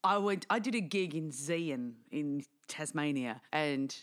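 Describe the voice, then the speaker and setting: A woman hosting a podcast, chatting casually with quick asides and easy laughs. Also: low-pitched, animated. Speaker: podcast host.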